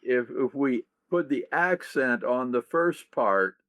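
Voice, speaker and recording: A man's voice: medium pitch, animated, fairly bright tone, no echo. A man, a leadership author talking thoughtfully in an interview and acting out example questions. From United States. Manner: slow, gravelly, thoughtful, acts out quoted questions. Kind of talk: reflective interview talk.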